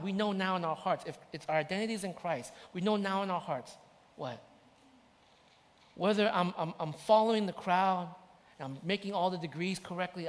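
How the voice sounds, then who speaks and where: A man preaching a sermon as pastor, impassioned and repetitive. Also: high voice. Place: church. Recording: church hall reverb.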